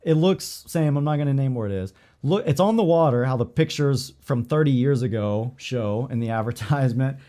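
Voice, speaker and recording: A man co-hosting a podcast, telling a story in casual chat, animated, swearing freely and acting out the dialogue with lots of "like". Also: mid-range voice, a little fast, few pauses. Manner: filler-heavy, lots of "like" and "I'm like".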